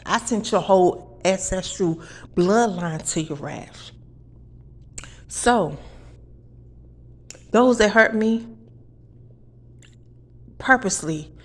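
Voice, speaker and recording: A woman rants in a heated, profane monologue from her apartment. She preaches and drives her points home by repeating them, in a voice of middling pitch. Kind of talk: angry monologue to camera.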